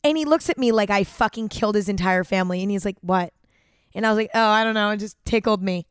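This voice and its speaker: A young woman hosts a podcast, rambling through a personal story with plenty of fillers and casual swearing. Her voice is smooth and clear at a middle pitch. It is recorded close and dry on a studio mic. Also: fast, no echo. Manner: chatty, filler-heavy, swears often. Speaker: podcast host.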